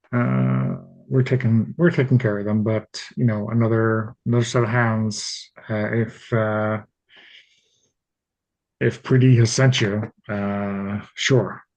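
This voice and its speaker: A man running a tabletop game as game master, describing the scene slowly and hesitantly with many fillers. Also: medium pitch, darkish tone. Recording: dull lo-fi audio.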